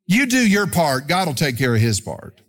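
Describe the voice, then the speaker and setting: A middle-aged man preaching a live sermon as pastor, animated, with swings from loud to quiet. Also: fairly high pitch, moderate pace. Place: church sanctuary.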